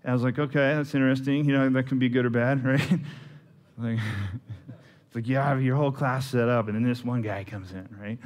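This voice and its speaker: A man's voice: medium pitch, fairly even intonation, fairly quick. A man, preaching a sermon in a casual, storytelling way with asides to the congregation. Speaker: pastor.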